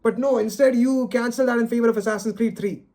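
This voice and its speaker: Exasperated man ranting, high mellow voice. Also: fairly even intonation, fast. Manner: exasperated, sighing, stammering repeats. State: dejected and frustrated. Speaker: video creator. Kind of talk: unscripted solo rant.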